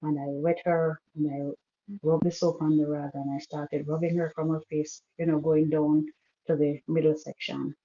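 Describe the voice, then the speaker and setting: A woman caller on a call-in show, softly and haltingly telling a painful personal story, with many restarts. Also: deep voice, flat delivery. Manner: soft-spoken, halting with restarts. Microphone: phone call. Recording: muffled poor phone line.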